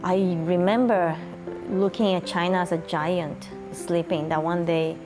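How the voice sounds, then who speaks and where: A woman's voice: on the low side, steady tone, measured pace, over music. A woman from Brazil, a guest in an interview, telling her life story in a chatty way with frequent light laughter.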